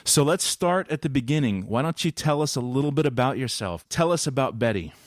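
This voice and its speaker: A man's voice: mid-range voice, animated, brisk, no echo, studio quality. A man hosting an interview, talking in an earnest, rambling way with asides. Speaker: host. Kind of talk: podcast interview.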